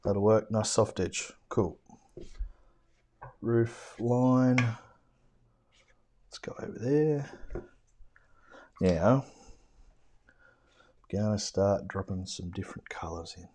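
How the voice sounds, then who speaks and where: With a lowish, warm voice and fairly even intonation, an Australian man takes his time and pauses often during a casual watercolour demo. He mumbles self-mocking asides to himself, swears mildly, and now and then slips into a whisper.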